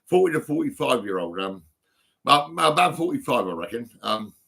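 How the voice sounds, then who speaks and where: A man's voice: mid-range voice, sing-song, a little fast, vocal fry, pushed and bright, slightly rough. A man, rambling through a personal phone vlog full of ums and restarts. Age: 50s. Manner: rambling, full of ums and restarts, laughing at his own stories. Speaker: vlogger.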